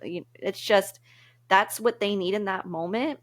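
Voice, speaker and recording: A woman's voice: medium pitch, a little slow. Earnest woman giving casual advice. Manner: earnest and reflective, laughs easily. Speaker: podcast co-host.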